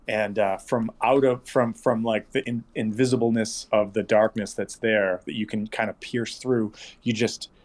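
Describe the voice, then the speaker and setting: A man's voice: lowish voice, steady tone, moderate pace, few pauses, a little mellow. A man narrating as game master of a tabletop game, rambling and correcting himself with many fillers.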